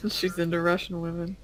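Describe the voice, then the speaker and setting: A woman's voice: on the low side, steady tone, moderate pace. A woman playing a tabletop game, chatting casually, teasing the others and laughing easily. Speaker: player. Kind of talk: casual chat among tabletop players.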